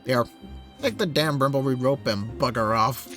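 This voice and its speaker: A man's voice: normal speed, fairly bright tone, soft background music, natural voice. Game NPC: grumpy craftsman, fed up, muttering, voiced by a man. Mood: irritated. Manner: low, sour, muttering. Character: grumpy fed-up male tinkerer.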